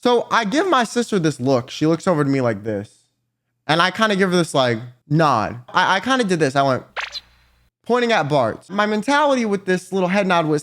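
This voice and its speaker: A young man telling a wild storytime to the camera, swearing freely and exaggerating everything. his voice is high for a man and bounces all over the place. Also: brisk. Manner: animated, profane, exaggerated storytelling. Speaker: YouTuber. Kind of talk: storytime vlog.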